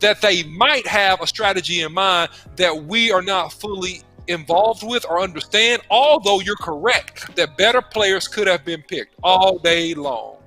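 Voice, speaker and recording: A man's voice: sits high, measured pace, hardly any pauses, sharp tone, faint music behind. A man co-hosting a casual sports talk stream who stammers through restarts, repeats himself and explains with homespun analogies. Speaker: co-host and football analyst.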